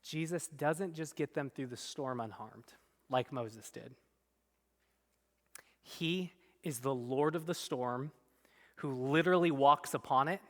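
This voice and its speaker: A man preaching a sermon as pastor, animated and emphatic, at times dropping to soft, quiet tones. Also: mid-range voice, takes it slowly, pauses often. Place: church sanctuary. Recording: long reverb in a church hall.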